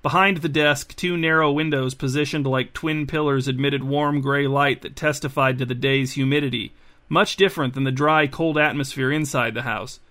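A man hosting a podcast and reading a bedtime story in a calm, even narration. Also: mid-range voice, moderate pace.

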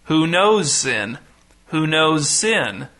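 A man voicing an odd, solemn pastor with a deep, sonorous voice who chants slowly in a drawn-out way, as part of a storybook reading. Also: pushed and bright, heavily acted.

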